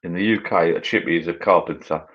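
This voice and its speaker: On his casual live stream, a British channel host talks fast in a low-pitched voice, drinking as he chats loosely and reads out viewer comments. The recording has its highs cut off.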